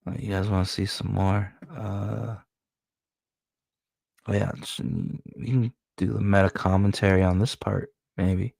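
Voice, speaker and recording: A man with a low, gravelly voice talks loosely through the pages of his comic. He is excitable and swears freely. The sound is dry and close. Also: measured pace, dry recording. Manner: loose, profane, excitable retelling. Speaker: comic book creator. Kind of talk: casual commentary walking through his comic.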